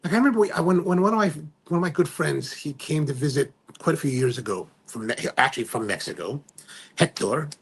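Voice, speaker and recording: A man's voice: a little high, fairly quick, husky. A man hosting a live stream in casual chat, reading viewer comments aloud and rambling, often trailing off and restarting. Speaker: livestream host.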